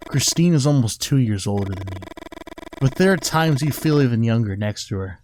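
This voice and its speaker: A let's play gamer reads a story game's text aloud, breaking in with profane commentary; he swears often and mocks the characters. His voice is medium-pitched and animated at a normal speed, with a noisy background.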